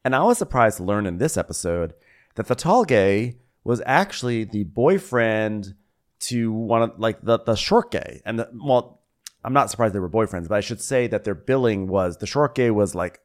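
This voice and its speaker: A man's voice: on the low side, lively intonation, moderate pace. A man co-hosting a comedy podcast, recapping a show in a rambling, profane, self-correcting way. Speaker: podcast co-host.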